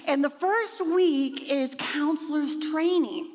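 High-voiced woman telling a story slowly, acts out her own thoughts, long hall echo. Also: darkish tone. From Indiana. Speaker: speaker telling a personal story. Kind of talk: storytelling talk.

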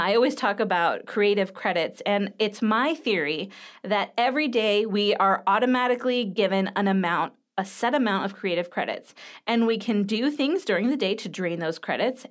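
A woman in her thirties talks on her own podcast in a loose, candid way. She speaks straight to her listeners and fills her sentences with ums and likes. Her voice sits at an ordinary middle pitch for a woman. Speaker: podcast host. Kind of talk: casual solo podcast talk.

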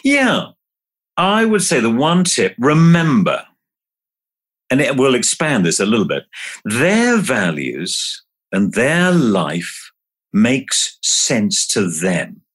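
Husky guy on a podcast, coaching slow and emphatic, voice swings up and down a lot. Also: medium pitch, huge pitch swings, a bit bright. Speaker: podcast guest, communication trainer. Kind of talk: podcast interview with guided hypnosis.

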